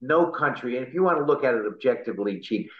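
A man's voice: mid-range voice, lively intonation, fast. A middle-aged man speaks with earnest, impassioned conviction, his voice close to choking up at times. The sound is roomy and a little dull, with an echo around him. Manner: impassioned, patriotic, choked up at times. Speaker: interview guest, party chair candidate. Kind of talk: earnest political interview.

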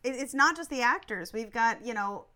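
A woman chats eagerly, her bright, slightly high voice quick to break into laughter. She talks in an easy, casual way. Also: animated. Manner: enthusiastic, laughs easily. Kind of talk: casual chat.

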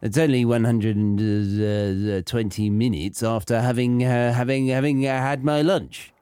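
A man's voice: mid-range voice, steady tone, a little slow, mellow, clean tone, dry recording, lightly acted. A man with a British accent voicing a fussy, stammering busybody who dithers and repeats himself on a prank phone call. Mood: dithering.

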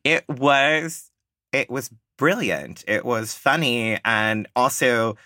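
A man with a bright, lively tone chats casually on a podcast. He laughs easily and wanders through fillers and restarts. The recording is dry and close. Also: medium pitch, slow, no room sound. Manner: laughs often, trails off with fillers. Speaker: guest, drag performer.

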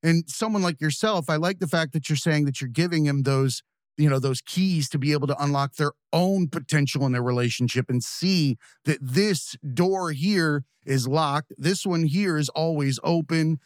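A man's voice: fairly high pitch, normal speed, dry recording, clean studio sound. Reflective male podcast host. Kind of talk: podcast interview.

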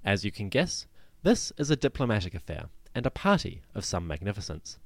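Male history podcast host: low voice, animated delivery, dry close sound, wry asides. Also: a little fast, gravelly, dry recording. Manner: lively storytelling with wry asides. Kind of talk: scripted history narration.

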